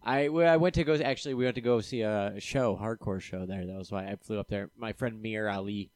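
Casual male podcast guest, lowish voice, dry close sound, easygoing and halting. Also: darkish tone, dry recording. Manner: laid-back, halting with many fillers. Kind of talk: casual chat.

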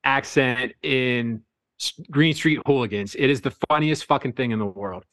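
A man co-hosting a sports podcast, talking excitedly and profanely in casual chat. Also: medium pitch, moderate pace. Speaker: podcast co-host.

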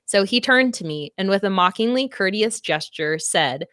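A woman's voice: medium pitch, animated, normal speed, a bit bright, clear, resonant tone, no echo, studio quality. A woman co-hosting a book club podcast, recapping a novel in casual chat, laughing often and swearing freely.

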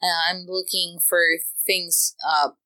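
A woman's voice: fairly low pitch, steady tone, slow pace, sharp tone, low-quality recording. A woman co-hosting a podcast, chatting casually and enthusiastically about tabletop gaming. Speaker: podcast co-host.

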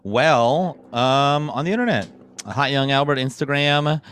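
A man's voice: medium pitch, a little slow, a bit bright, clear, resonant tone. A man guesting on a podcast in casual comedic chat, laughing often and swearing casually.

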